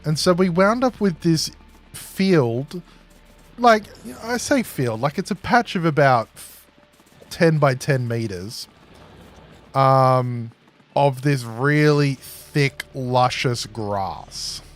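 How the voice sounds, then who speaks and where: Slow-talking Australian man streamer. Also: medium pitch, animated, faint music behind. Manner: rambling, chatty, laughs at his own stories. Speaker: gaming streamer. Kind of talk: casual storytelling while gaming.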